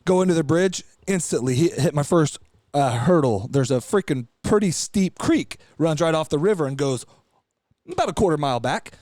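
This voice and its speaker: On a studio podcast, a male co-host tells a long, rambling story in casual chat, swearing freely and growing animated. His voice is fairly high for a man, delivered at normal speed, with dry, close sound and no echo.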